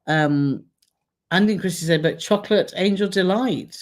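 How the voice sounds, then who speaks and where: A woman's voice: on the low side, normal speed. A woman co-hosting a travel live stream, chatting casually and reading out viewer comments with frequent laughter. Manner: chatty, laughs often, reads comments aloud.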